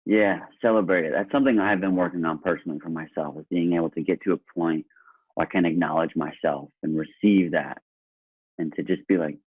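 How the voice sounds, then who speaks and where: A man's voice: deep voice, steady tone, fairly quick, slightly rough, no room sound. A man telling stories in a casual podcast conversation, earnest and enthusiastic. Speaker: guest. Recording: tinny phone-line sound.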